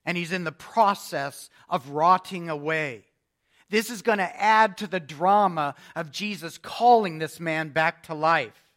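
A man with a notably high-pitched voice delivers an expository sermon. He reads scripture passages aloud with emphasis and then explains them verse by verse in a steady preaching manner. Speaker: pastor.

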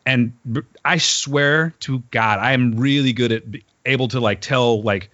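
A man telling a story in casual podcast chat. He is animated, swears, and laughs as he talks. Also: mid-range voice, measured pace, dry recording. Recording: dull, lo-fi recording.

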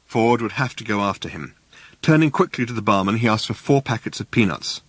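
Male narrator, wry and dry, lively up-and-down reading, very close dry studio sound. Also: fairly low pitch, fairly quick, breathy edge, no echo. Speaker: audiobook narrator. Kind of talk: scripted narration.

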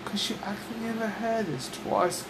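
A woman's voice: mid-range voice, normal speed. A woman co-hosting a podcast, a bit tipsy, swearing a lot and putting on a mock Irish-Scottish accent. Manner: profane, combative, talks over others. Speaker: podcast co-host. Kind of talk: casual argumentative chat. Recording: noisy room with humming air conditioner.

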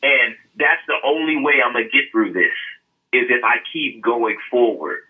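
A man's voice: mid-range voice, moderate pace, pushed and bright, husky, low-quality recording. A man co-hosting a podcast, telling a personal story in earnest with fillers and a laugh now and then. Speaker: podcast co-host. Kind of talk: casual podcast chat.

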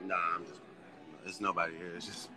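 A man voicing a young man alone at a bar, lying and bragging, then mumbling excuses, over loud background noise. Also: low voice, level tone, a little fast, pitched below the performer's own voice, lightly acted. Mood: sheepish.

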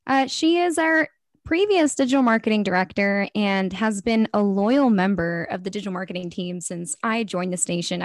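A woman's voice: medium pitch, no echo, clean studio sound. A young woman hosting a college radio show, giggly and self-deprecating in casual chat. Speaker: radio host and station manager.

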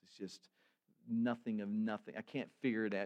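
Guy preaching, chatty sermon style, reads verses then talks them through, gets louder on the big points. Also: lowish voice, steady tone, normal speed. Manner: conversational preaching, reading scripture aloud with rising emphasis. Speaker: pastor.

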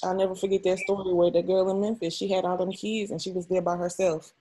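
A woman's voice: fairly low pitch, little pitch movement, fast, warm tone. A young adult woman, an interview guest, telling a personal story in a raw, emotional and frank way, often swearing.

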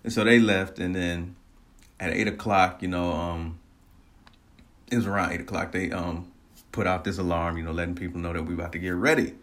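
A man casually telling a personal story, animated, laughing often and swearing freely. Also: low-pitched, a little fast.

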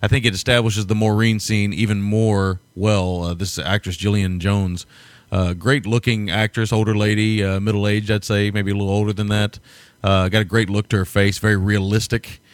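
A man's voice: fairly low pitch, level tone, moderate pace, no room sound. A man from the United States co-hosting a film podcast, rambling casually, laughing often and swearing now and then. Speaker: podcast co-host. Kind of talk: casual film review chat.

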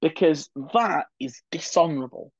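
A man's voice: on the high side, lively intonation, normal speed, dry recording, lo-fi sound. Chatty man, solo podcast host. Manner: digressive, chatty, opinionated asides. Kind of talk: solo political history podcast.

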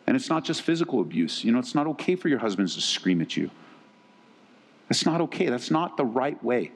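A man's voice: medium pitch, very animated, a little fast, in a large hall. A man preaching a sermon to wives, earnest and emphatic, often repeating key words for weight. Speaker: pastor.

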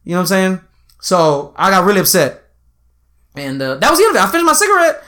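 A man's voice: high voice, fast. Young guy spinning a bar story, voice jumps all over, swears a lot. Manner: animated storytelling with profanity and slang. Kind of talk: casual chat.

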